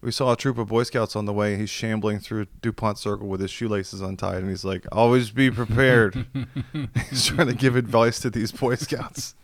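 A man's voice: on the low side, steady tone, a little fast, creaky, hardly any pauses, no echo. A man who is a podcast guest, telling a story in casual chat over a video call. He acts out the quoted voices and swears freely.

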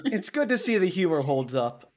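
A man's voice: sits high, big pitch swings, normal speed. A man co-hosting a podcast in casual chat, asking dry, puzzled questions. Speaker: podcast co-host.

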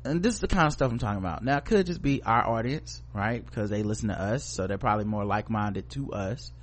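A man's voice: lowish voice, fast talker. A man co-hosting a podcast in casual chat, giving blunt, profane, opinionated commentary. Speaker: podcast co-host.

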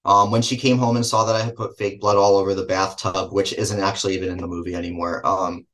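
Speaking quickly with a low, slightly bright voice and flat delivery, this New Jersey filmmaker gives loose interview answers. He wanders, self-corrects, and laughs between his thoughts.

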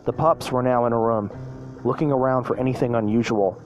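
A man's voice: mid-range voice, a little fast, darkish tone, lo-fi sound, soft background music. A man narrating a children's story aloud, reading with frequent restarts and self-corrections. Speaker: storyteller, podcast host.

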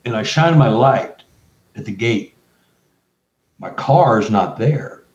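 A man, a guest researcher and author, telling an excited story full of quoted dialogue and restarts. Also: on the low side, takes it slowly. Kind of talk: animated storytelling. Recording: roomy, distant, dull remote audio.

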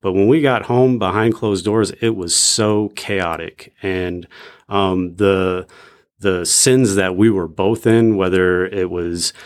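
A man sharing his faith testimony in casual chat, reflective and measured with frequent pauses and ums. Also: deep voice, steady tone.

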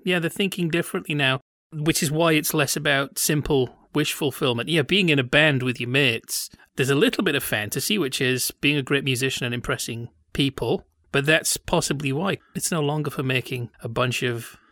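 A man's voice: mid-range voice, normal speed, pushed and bright, dry recording, clean studio sound. A man co-hosting a casual chat podcast, jokey and playful, often laughing. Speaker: podcast co-host.

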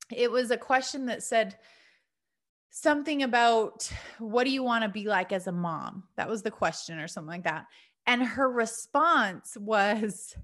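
A woman's voice: fairly high pitch, a bit bright. A woman in her thirties, a mom talking to listeners in an earnest, chatty monologue with many fillers. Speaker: mom podcaster. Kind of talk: casual heartfelt monologue.

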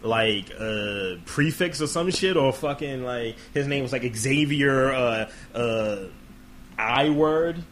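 A man's voice: medium pitch, slow pace, slight background noise. A man hosting a podcast in casual comedic chat, swearing freely and acting out quoted voices. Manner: profane, animated, acts out quotes. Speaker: podcast host.

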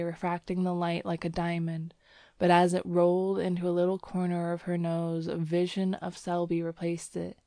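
A woman reads a story aloud in a low, unhurried voice. Her delivery is gentle and even, softening for quoted lines. The sound is close and dry, with no room around it. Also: no echo. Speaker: audiobook reader. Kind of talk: scripted narration.

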